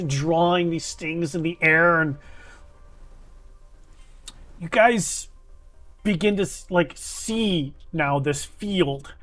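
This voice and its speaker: A man narrating as game master of a tabletop game, casual and rambling, with some swearing. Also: a little high.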